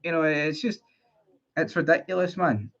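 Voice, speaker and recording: A man's voice: on the high side, expressive, normal speed, a bit bright, lo-fi sound. A Scottish man ranting heatedly about his football club on a live stream, reading chat messages and swearing often. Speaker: football fan livestreamer.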